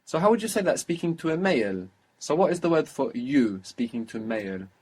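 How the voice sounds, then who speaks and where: A man's voice: on the high side, big pitch swings, a little fast, slightly rough. A man teaching a language lesson, patiently prompting his student with questions and repeating the answers.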